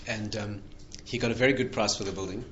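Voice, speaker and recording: This fairly low-pitched man talks fast, telling lively stories as a rabbi in a conversational lecture and laughing at his own jokes. The audio is dull.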